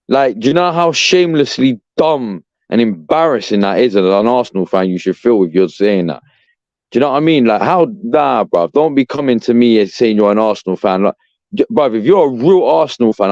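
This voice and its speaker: A man's voice: medium pitch, darkish tone, no echo. A young man ranting as a podcast co-host, profane and exasperated, saying "bruv" constantly. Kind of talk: heated fan rant. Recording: dull, dry lo-fi sound.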